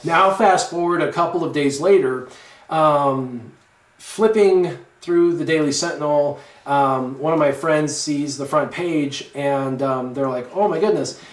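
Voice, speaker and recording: A man with a slightly raised voice tells a story in a loose, rambling way, full of fillers. The recording has a roomy echo around him. He keeps the flow casual and animated. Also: fairly high pitch, takes it slowly. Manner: lively, rambling with many fillers. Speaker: guest storyteller.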